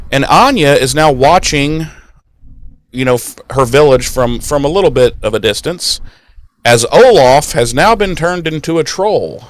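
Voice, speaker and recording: A man co-hosting a podcast, recapping an episode in casual, profane chat and acting out the characters' lines. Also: fairly high pitch. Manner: animated storytelling, swears freely, acts out lines. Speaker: podcast co-host.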